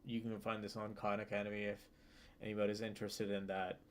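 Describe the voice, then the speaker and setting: Low-voiced young man reading study notes. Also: monotone, quick pace, slight background noise. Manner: reads text aloud then explains loosely with fillers and restarts. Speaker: student streamer. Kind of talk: casual study-along reading aloud.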